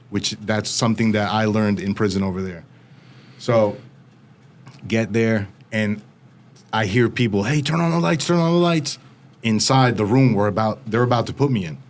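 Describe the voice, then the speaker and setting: A man's voice: lowish voice, a little mellow. A man guest on a podcast, recounting a personal story with vivid, casual storytelling and lots of filler words.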